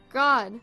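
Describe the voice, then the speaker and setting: A young woman with a fairly high voice gives casual commentary on online posts. She is animated and swears freely. Faint music runs behind her. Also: creaky. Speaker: video host reading online posts.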